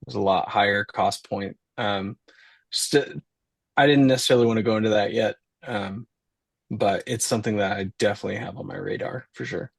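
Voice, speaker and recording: A man's voice: lowish voice, a little fast, vocal fry, breathy edge, no echo. A man, a company founder, talking as a guest in an easygoing casual chat, thinking aloud as he goes.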